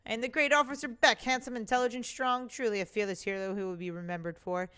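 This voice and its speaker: A woman's voice: on the high side, steady tone, quick pace, pushed and bright, smooth. A woman doing a jittery, boastful duck cop. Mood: nervous. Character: cowardly boastful male duck police officer.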